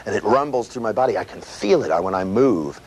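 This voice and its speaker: A man giving a live seminar lecture, animated and profane, full of "you know" and "right", acting out sounds with his voice. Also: fairly low pitch, fairly quick. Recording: noisy old tape recording with clicks.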